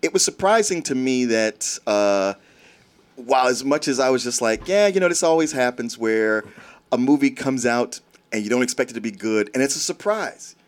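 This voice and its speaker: A relaxed man weighing in on a movie in casual conversation. His mid-pitched voice rises and falls freely as he thinks aloud. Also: moderate pace. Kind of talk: casual movie review chat.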